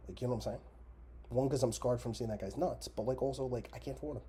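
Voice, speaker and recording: A man hosting a comedy commentary show, ranting sarcastically and swearing constantly, swinging between loud outbursts and mutters. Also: mid-range voice, quick pace, a little hiss or hum. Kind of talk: profane comedic rant.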